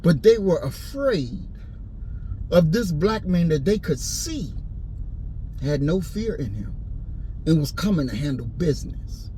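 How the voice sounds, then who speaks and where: A man delivering an impassioned, preachy rant and story, repeating his points and rising into shouts. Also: a little high, big pitch swings, unhurried, long pauses, slight background noise, rough recording. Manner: preachy, repetitive, swings into shouting.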